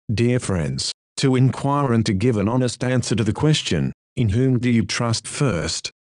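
A man reading a sermon in a solemn, earnest, measured way. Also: medium pitch, darkish tone, no echo, studio quality. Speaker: preacher. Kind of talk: read sermon.

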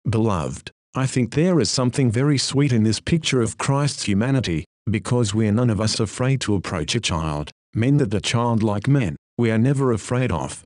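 An earnest male preacher delivering a sermon at a middling pitch, urging his hearers with question after question. His voice sounds dry and close, with no room around it. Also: expressive, moderate pace, few pauses, darkish tone, dry recording. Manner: earnest, many rhetorical questions.

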